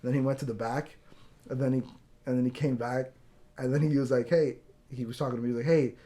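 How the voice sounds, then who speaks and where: A man's voice: mid-range voice, fairly even intonation, fast, mellow. A young man hosting a podcast, rambling through an anecdote in casual chat and acting out the people he quotes, with some swearing. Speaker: podcast host.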